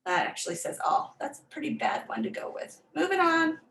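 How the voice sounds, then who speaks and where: A woman's voice: lowish voice, animated, a little fast, vocal fry. Woman tutor explaining in an echoey room. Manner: explanatory, with frequent ums and restarts. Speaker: literacy tutor presenting a workshop. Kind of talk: online teaching presentation.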